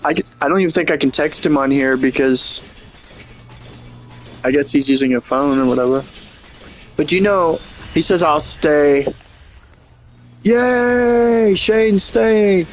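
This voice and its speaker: A man's voice: medium pitch, normal speed, pauses often, slight background noise. A man streaming a game and chatting casually, rambling and joking, swearing freely. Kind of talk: casual livestream chat.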